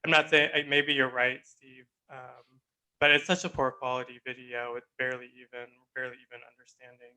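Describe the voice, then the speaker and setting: A man co-hosting a casual discussion podcast, speaking in a measured, qualifying way. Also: medium pitch, level tone, sharp tone, clean tone, low-quality recording. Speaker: podcast co-host.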